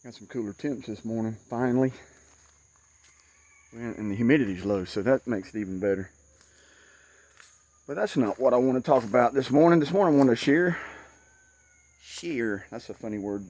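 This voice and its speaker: A middle-aged Southern man rambling in a folksy, good-humored way at a mid-range pitch, still sweaty and shaky after working outdoors. Crickets and insects chirp behind him in the woods. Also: fairly quick, long pauses, darkish tone. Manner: folksy, chatty, self-deprecating. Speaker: outdoors vlogger. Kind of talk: casual outdoor vlog.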